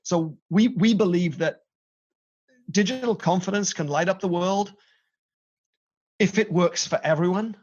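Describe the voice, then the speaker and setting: A middle-aged British man, a company chief, telling his career story in an animated way with playful asides. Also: high voice, measured pace, pauses often, lo-fi sound. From Britain. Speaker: company CEO, guest. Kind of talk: conversational interview.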